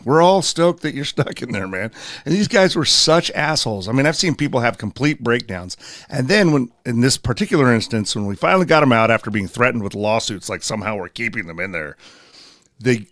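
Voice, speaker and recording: A firefighter telling stories in casual podcast chat, acting out the quotes. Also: male voice, fairly low pitch, no echo, studio quality. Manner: animated storyteller, acts out quotes.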